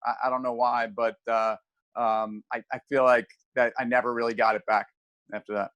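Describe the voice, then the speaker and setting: A man co-hosting a loose market chat, mid-pitched, recorded close and dry with no room sound. He rambles, circling back with restarts and fillers before landing his point. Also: little pitch movement, moderate pace, fairly bright tone, dry recording. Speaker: podcast co-host.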